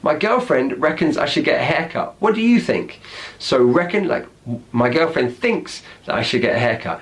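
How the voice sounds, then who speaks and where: A man's voice: fairly high pitch, animated, moderate pace. A man with a British accent, explaining slang words in a chatty, teacherly way and acting out example phrases. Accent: British English. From Britain.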